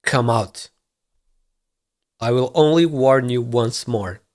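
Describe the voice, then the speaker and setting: A man voicing a stern, emotionless male enforcer in a game story, slow and flat. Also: mid-range voice, natural voice. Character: stoic male priest enforcer, cold and flat.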